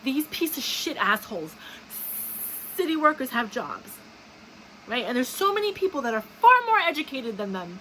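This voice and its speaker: A woman's voice: high voice, very animated, normal speed, fairly bright tone, a little hiss or hum, rough recording. A young woman telling a story in an angry, indignant monologue full of swearing. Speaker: video host. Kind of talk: casual ranting monologue.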